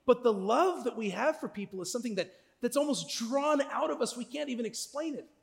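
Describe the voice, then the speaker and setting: A man preaching a sermon as a pastor, in a conversational way, often checking in with listeners with a quick question. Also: extremely high pitch, animated, vocal fry, big-room sound. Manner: conversational, asks listeners "right?".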